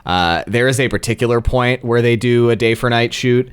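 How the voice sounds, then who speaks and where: A man's voice: medium pitch, normal speed, clear, resonant tone. A man co-hosting a podcast, giving hesitant opinions in casual chat with many fillers and restarts. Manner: hesitant, lots of ums and restarts. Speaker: podcast co-host. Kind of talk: casual movie-review chat.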